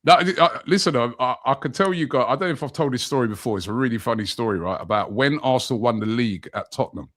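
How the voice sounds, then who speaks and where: A man's voice: mid-range voice, quick pace, hardly any pauses. A man, a podcast co-host telling a funny fan story in casual chat, putting on voices for the people he quotes. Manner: animated storyteller, puts on voices for quoted fans.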